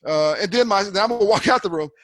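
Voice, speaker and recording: A man's voice: sits high, fast, no room sound. A man giving a folksy, conversational continuing-education lecture to eye doctors, often repeating himself.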